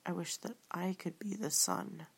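A woman reading the thoughts of an envious, discontented male stonecutter, quiet and wistful. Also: fairly low pitch, steady tone, moderate pace, slightly rough.

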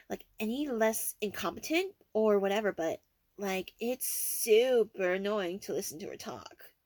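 Brief: young woman, whispered role-play, slow, breathy, teasing tone. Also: on the high side, a little mellow, no echo.

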